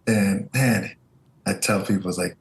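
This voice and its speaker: A man with a gravelly, creaky voice tells stories as an interview guest, animated and acting out what others said to him. The room around him sounds roomy and echoey. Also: low voice, measured pace, slight background noise. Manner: animated storyteller, acts out quoted voices. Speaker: interview guest, Air Force veteran. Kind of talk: casual storytelling interview. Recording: roomy echo.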